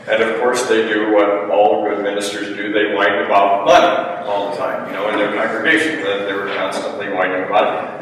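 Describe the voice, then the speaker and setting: A man's voice: mid-range voice, pushed and bright, slight background noise. Guy preaching in a church, casual storyteller, sounds far off and super echoey. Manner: chatty storytelling homilist. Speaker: priest. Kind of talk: sermon with a joke story.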